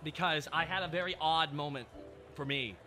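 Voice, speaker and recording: A man's voice: a little high, normal speed, over music. A man streaming live, chatting casually with viewers in a sardonic, profane, ranting way.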